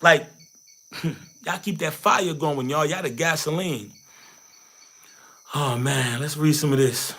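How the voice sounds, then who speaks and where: A man hosts a hyped livestream from Haiti, pumping up his viewers and hammering each point home with repetition. His voice sits fairly high, and he talks like a preacher working the room. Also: slow pace, pauses often, sharp tone. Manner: preachy, repeats phrases, rallies viewers. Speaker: livestream host. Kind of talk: hyped motivational livestream chat.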